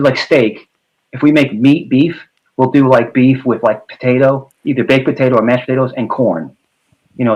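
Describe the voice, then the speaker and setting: This New York-accented host talks about food in a loose, rambling way, circling back to the same words and dropping "bro" constantly. He speaks in a mid-range voice over a rough recording.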